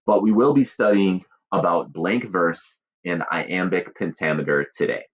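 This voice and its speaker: A man's voice: deep voice, a little slow, lo-fi sound. A male teacher giving a recorded lesson, explaining patiently and chanting stress patterns aloud.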